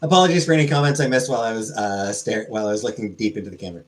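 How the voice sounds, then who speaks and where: Guy on a livestream, lowish voice, dry offhand chat with viewers. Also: very fast. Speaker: streamer reading chat. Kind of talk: casual live-stream chat.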